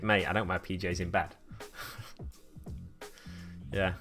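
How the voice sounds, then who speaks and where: A lowish male voice with a Stockport accent from the Manchester area, bright and forceful in tone, chatting easily on a painting stream. He reads viewer messages aloud and answers them. Faint music sits underneath. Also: little pitch movement, slow pace, vocal fry, long pauses. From Manchester area, England. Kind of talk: casual live-stream chat while painting. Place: home painting setup.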